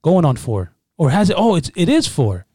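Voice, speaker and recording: A man's voice: on the high side, normal speed, no echo, clean studio sound. Joking young man co-hosting a podcast. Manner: joking, animated storytelling. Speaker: podcast co-host. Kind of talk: casual chat.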